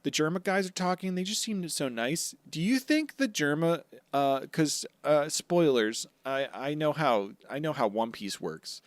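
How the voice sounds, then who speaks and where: A man co-hosting a podcast, recapping episodes in casual chat and acting out characters in quick silly voices. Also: on the high side, expressive, no room sound. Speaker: podcast co-host.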